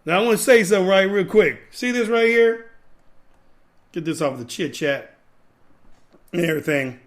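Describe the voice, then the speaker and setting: A man's voice: on the high side, gravelly. A man hosting a podcast, giving an emphatic, repetitive, preachy rant to his viewers. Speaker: podcast host. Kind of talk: ranting commentary.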